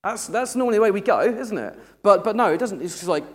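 A man's voice: sits high, expressive, quick pace. A man preaching a sermon in a humorous, conversational way. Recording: echoey hall.

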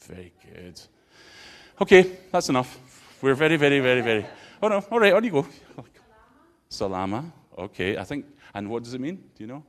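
A man's voice: mid-range voice, big pitch swings, a little fast. A man, a pastor giving an interactive sermon and bantering playfully with his congregation.

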